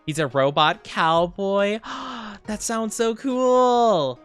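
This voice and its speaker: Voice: medium pitch, animated, slow, fairly bright tone, clean tone, soft background music. A live streamer in casual chat with viewers, rambling and thinking aloud with lots of fillers.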